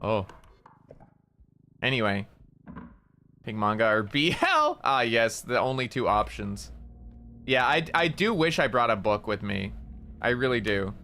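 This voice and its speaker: Bright-voiced man rambling casually. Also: fairly low pitch, slight background noise. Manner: rambling, stammers and repeats words, swears casually. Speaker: streamer. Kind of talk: casual storytelling while gaming.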